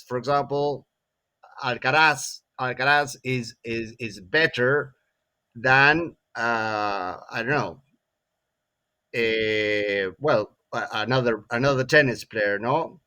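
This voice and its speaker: Slow male English teacher. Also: medium pitch, pushed and bright, clean tone. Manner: frequent tag questions "no?" and "eh?", repeats words. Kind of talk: classroom grammar lesson.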